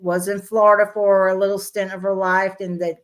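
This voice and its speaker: A woman's voice: medium pitch, flat delivery, a little fast. A woman hosting a casual podcast, introducing her guest with effusive praise and frequent fillers. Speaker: podcast host.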